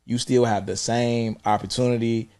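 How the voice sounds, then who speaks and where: A man's voice: mid-range voice, normal speed, clean tone. A man who used to teach, chatting casually and acting out stories on a podcast. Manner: relaxed, storytelling, acts out yelling. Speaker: former teacher.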